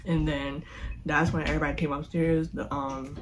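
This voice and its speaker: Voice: mid-range voice, normal speed, slight background noise, poor audio. A young adult vlogger telling a personal story casually, acting out quotes and filling gaps with "like" and "da, da, da.". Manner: animated, acts out quotes, says "like" and "da da da" a lot.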